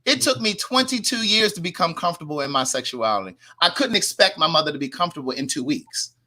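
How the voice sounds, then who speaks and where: A man with a fairly high, bright voice speaks calmly on a discussion panel. He explains his view in a measured, steady way. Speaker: panel guest.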